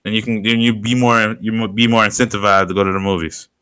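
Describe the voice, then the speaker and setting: A young man co-hosting a podcast, animated and slangy, laughing often in casual banter. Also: fairly low pitch, fast talker, clear, resonant tone, no room sound. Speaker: podcast co-host.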